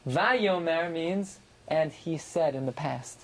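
A man teaching a classroom Bible lesson, translating verse by verse and jumping up in pitch for emphasis. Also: slow, slight background noise, low-quality recording. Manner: animated, rises sharply in pitch for emphasis. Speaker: Torah teacher.

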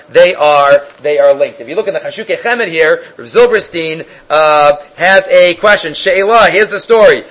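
A man teaching a Talmud class, animated and sometimes halting, acting out quoted voices. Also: sits high, poor audio. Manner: animated, acts out quotes in raised voice; halting with fillers and restarts.

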